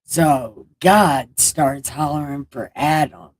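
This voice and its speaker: A woman retelling scripture as irreverent comedy, deadpan, slangy and crude. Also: deep voice, takes it slowly, no echo. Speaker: comic bible reader. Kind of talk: irreverent comic storytelling.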